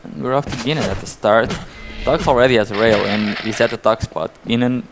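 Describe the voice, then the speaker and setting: A man's voice: medium pitch, a little fast, over music. A man co-casting a live esports match, analytical and incredulous at big plays. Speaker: esports co-caster. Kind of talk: live game commentary.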